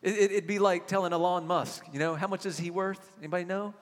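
A middle-aged man preaching a sermon in a church, telling stories and acting out little conversations, then dropping to a soft hushed voice for emphasis. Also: high voice, fast talker, hardly any pauses. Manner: animated storytelling, acts out little dialogues, drops to soft hushed tones for emphasis. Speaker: pastor. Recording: long reverb of a church hall.

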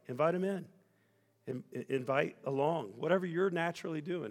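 A man preaching a sermon as pastor, earnest and building to loud, emphatic peaks. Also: a little high, lively intonation, moderate pace, vocal fry. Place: church sanctuary. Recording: church hall reverb with soft music.

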